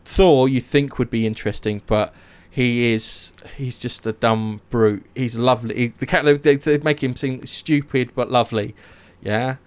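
A young man casually retelling myths, animated, swearing and acting out the characters' lines. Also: mid-range voice, moderate pace, hardly any pauses, clean tone. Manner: animated storytelling, swears, acts out quotes. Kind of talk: casual chat.

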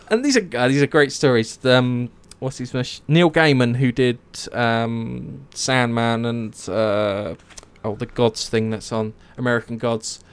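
A young man casually retelling myths, animated, swearing and acting out the characters' lines. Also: medium pitch, slow, clean tone. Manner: animated storytelling, swears, acts out quotes. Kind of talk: casual chat.

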